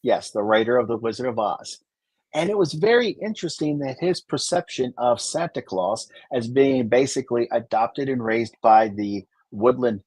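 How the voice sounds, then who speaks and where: A man with a slightly husky voice chats about his craft, spinning long anecdotes. His voice is recorded close and dry, with no room sound. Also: medium pitch, darkish tone, no room sound. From Great Lakes region of the US. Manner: chatty, storytelling, explanatory. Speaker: Santa performer and podcast co-host. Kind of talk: casual conversational chat.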